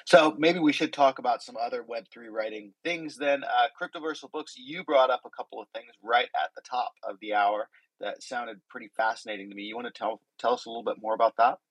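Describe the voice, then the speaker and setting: A man's voice: medium pitch, fairly quick, fairly bright tone, husky, no room sound, poor audio. A man hosting a casual group conversation, welcoming and rambling with many restarts, in a slightly sick voice. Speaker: host. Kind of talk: casual group chat on a live audio stage.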